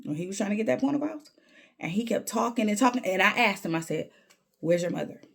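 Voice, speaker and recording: A woman's voice: mid-range voice, animated, quick pace, gravelly, fairly bright tone. A woman vlogger telling a candid story in an emphatic way, repeating words when she gets worked up.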